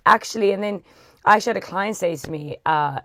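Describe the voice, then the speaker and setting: A woman's voice: medium pitch, quick pace, fairly bright tone, no room sound. A woman hosting a podcast in a casual conversational style, chatty and swearing easily as she acts out quoted talk. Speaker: podcast host.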